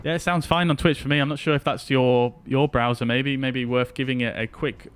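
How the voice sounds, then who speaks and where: Man, casual streamer chat, middle pitch, faint music behind. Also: fairly even intonation, brisk, fairly bright tone. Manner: chatty, talks to chat while flying. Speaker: flight sim streamer. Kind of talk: casual live-stream commentary.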